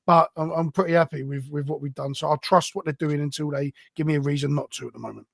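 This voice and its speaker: Gravelly, animated man. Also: a little high, quick pace, dry recording, studio quality. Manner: animated, laughing, swears freely. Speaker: podcast co-host. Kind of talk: casual fan podcast chat.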